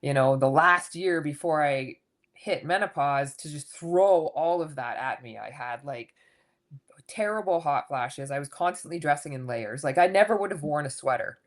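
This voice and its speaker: Candid low-voiced woman in her fifties. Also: normal speed. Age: 50s. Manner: candid, animated, swears casually. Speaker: podcast guest, coach. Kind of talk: casual interview storytelling.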